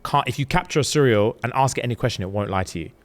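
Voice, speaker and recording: A man spins a story casually for his co-host. He is slangy and animated, jumping into the characters' voices as he goes. His voice sits in a middle pitch. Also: racing. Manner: animated slangy retelling, acting out characters' lines. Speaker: podcast co-host. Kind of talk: casual storytelling, retelling a novel's plot.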